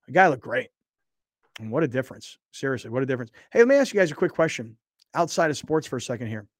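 A man hosts a sports talk show in a clean studio with no room sound, chatting casually and reading a live sponsor spot. He's an animated storyteller, and as a story makes him indignant, his voice grows louder and higher.

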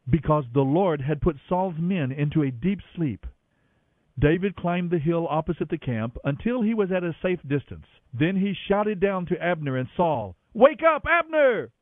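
A man with a fairly high voice reads scripture in a steady, measured way. His voice comes through a narrow, phone-like radio line that sounds dry and close. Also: dry recording. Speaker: Bible reader on radio. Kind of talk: scripture reading.

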